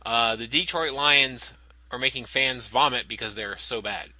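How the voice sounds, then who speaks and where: A man's voice: medium pitch, unhurried, pushed and bright, dry recording, poor audio. A man co-hosting a podcast, wry and hesitant with lots of ums. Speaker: podcast co-host. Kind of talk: casual chat.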